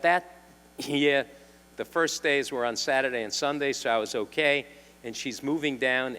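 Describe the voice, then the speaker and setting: An older man with a New York accent, a defense attorney telling wry anecdotes to a symposium audience, clearing his throat now and then. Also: mid-range voice, pushed and bright. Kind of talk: storytelling talk. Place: lecture hall. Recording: long hall reverb.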